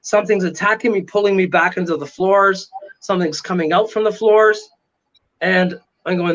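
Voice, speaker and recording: A man telling a dramatic story in an animated way during a casual interview, often asking "right?". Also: high voice, normal speed, muffled recording. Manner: excitable, dramatic retelling with frequent "right?". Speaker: paranormal investigator guest.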